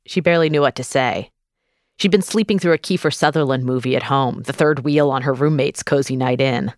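A woman host narrating a true story in a measured, scripted style and interviewing her guest. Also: extremely low pitch, no echo, studio quality.

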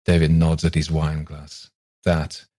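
Low husky male storyteller. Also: fairly even intonation, moderate pace, darkish tone. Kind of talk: scripted narration of a ghost story.

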